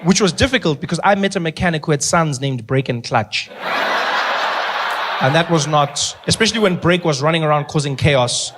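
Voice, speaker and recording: A man with a South African accent doing stand-up, telling stories playfully and in an animated way while acting out the people in them. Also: on the high side, moderate pace, heavy background noise. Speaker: stand-up comedian. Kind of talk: stand-up comedy storytelling.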